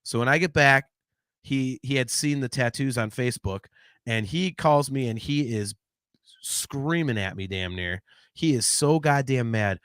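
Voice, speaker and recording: A man in his forties, co-hosting a podcast, who tells family stories in a lively, laughing way and reads out chat comments. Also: mid-range voice, normal speed, dry recording, studio quality. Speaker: podcast co-host.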